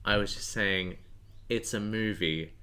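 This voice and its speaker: A man's voice: lowish voice, measured pace, sharp tone. A man co-hosting a podcast in casual chat with a dry, skeptical manner. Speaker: podcast co-host.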